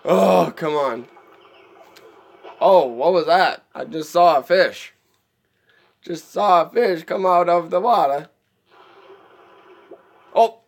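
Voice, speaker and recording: High-voiced man chatting through a game. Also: slow, vocal fry, long pauses. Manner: chatty, exasperated, laughs often. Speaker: streamer. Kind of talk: live gameplay commentary.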